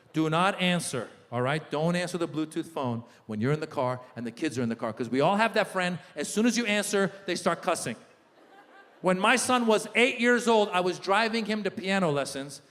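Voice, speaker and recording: A middle-aged man performing a stand-up comedy set, telling animated stories and shouting in character voices. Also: high voice. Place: large live venue. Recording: live hall with long reverb.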